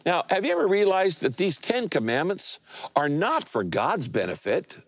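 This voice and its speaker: A male pastor preaching a sermon. He speaks emphatically, often quizzing the congregation, and shifts his pitch and pace for effect. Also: very animated, moderate pace, dry recording. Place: church stage speaking to several campuses.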